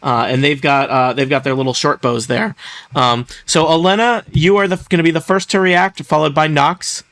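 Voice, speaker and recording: A man's voice: fairly high pitch, steady tone, normal speed, fairly bright tone, dry recording. A man running a tabletop role-playing game as game master, joking and laughing with his players. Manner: playful, joking, laughs often.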